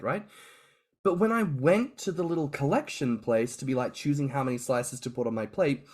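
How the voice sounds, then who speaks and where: A man co-hosting a podcast, telling stories in an animated way, swearing and laughing freely. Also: medium pitch, moderate pace, husky. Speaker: podcast co-host. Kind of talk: casual podcast chat.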